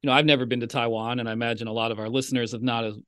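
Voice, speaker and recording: Male podcast co-host, casual question, mid pitch, dry recording. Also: very fast, clear, resonant tone, dry recording. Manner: relaxed, rambling question with fillers.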